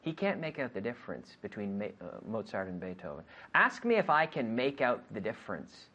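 Lively man drilling English phrases. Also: lowish voice, fairly quick. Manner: lively, repetitive questioning, acts out both sides of a dialogue. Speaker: English teacher. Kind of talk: classroom language drill.

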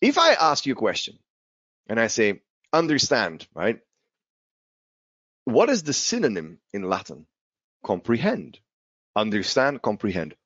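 A male English teacher talks through an informal lesson with a swooping, lively delivery. He repeats his key words and drops in the odd Spanish aside. The recording is dull and lo-fi, with a dry, close sound. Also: mid-range voice, a little slow, pauses often, no room sound.

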